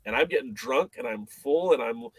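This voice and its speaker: A man as a podcast guest, telling a story in a casual, animated way, with many fillers and restarts. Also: mid-range voice, moderate pace, no room sound.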